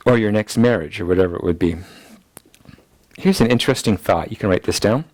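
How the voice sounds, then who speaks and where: A man's voice: on the low side, fairly quick, long pauses, darkish tone, no room sound. A man teaching a ministry school class, repeating key points so listeners can note them down. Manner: acts out people's anxious inner voices in quotes. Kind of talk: teaching lecture.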